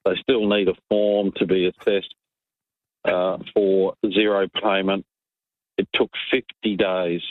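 An exasperated Australian man rants down a tinny phone line to a radio host, with a touch of sarcasm. His voice sits low, and the call sounds dry and close. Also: level tone, slow, no echo. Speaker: caller.

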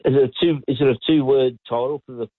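A man with an Australian accent calling in to a radio quiz, friendly and quick. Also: mid-range voice, steady tone, slightly rough, no echo. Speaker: caller. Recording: phone line.

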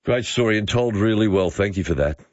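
Deep-voiced radio host. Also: male voice, a little fast, a little mellow, no room sound, dull audio. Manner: friendly, encouraging to callers. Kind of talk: talkback radio.

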